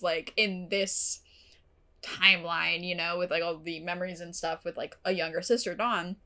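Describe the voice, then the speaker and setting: A woman's voice: mid-range voice, a bit bright. A young woman from the United States talking casually as host of a reaction video, rambling with many "like" fillers, laughing and squealing often.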